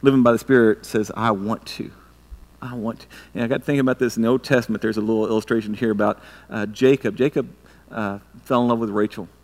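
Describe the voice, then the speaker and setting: A man's voice: fairly low pitch, fairly even intonation, fast talker, darkish tone. A middle-aged man preaching a sermon earnestly, often restarting and stumbling over his words. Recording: long reverb of a large hall.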